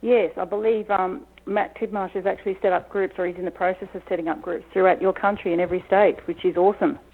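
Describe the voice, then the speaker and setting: A woman's voice: on the low side, steady tone, fast talker, husky. A woman from Australia with an Australian accent, calling in to a radio show and talking in a friendly, hesitant way with many ums. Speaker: caller. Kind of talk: phone-in conversation. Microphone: telephone. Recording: tinny phone line.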